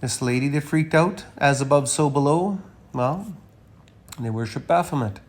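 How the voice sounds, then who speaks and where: A man's voice: a little high, normal speed. Man ranting emphatically in a monologue. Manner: emphatic, with frequent uh fillers and sudden loud stresses. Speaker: commentator presenting images. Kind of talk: rambling monologue over a slideshow.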